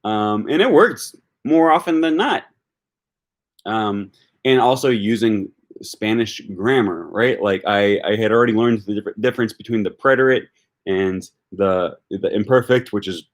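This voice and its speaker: A man's voice: on the low side, moderate pace. A man hosting a casual livestream about language learning, thinking aloud with many ums and answering viewer comments. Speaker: language-learning YouTuber hosting a live discussion.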